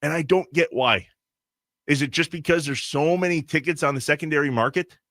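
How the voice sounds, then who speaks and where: A man co-hosting a sports radio show, ranting in quick bursts in a casual talk style. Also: on the high side, fairly bright tone, dry recording, studio quality. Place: radio studio. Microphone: studio microphone.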